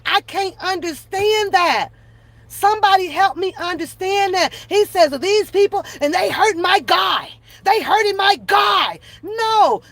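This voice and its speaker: A woman streamer giving casual reaction commentary in a profane, laughing, rambling rant. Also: high-pitched.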